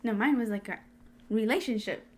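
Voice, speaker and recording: A woman's voice: on the high side, fairly quick. A young woman co-hosting a podcast, telling a personal story in casual chat and acting out what people said. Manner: animated, laughs often, acts out quotes. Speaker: podcast co-host.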